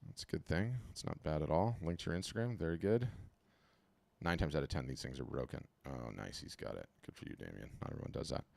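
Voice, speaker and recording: A man hosting a casual live video-call webinar, talking in an animated, chatty way and often repeating and restarting his words. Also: a bass voice, fast talker, gravelly, no room sound. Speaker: webinar host auditing artist profiles. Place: home.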